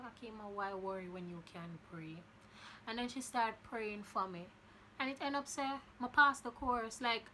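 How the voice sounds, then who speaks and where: A woman's voice: medium pitch, sharp tone, a little hiss or hum. A young woman hosting a podcast, talking earnestly and encouragingly and telling a story with frequent restarts. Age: young adult. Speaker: podcast host. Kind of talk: casual podcast monologue.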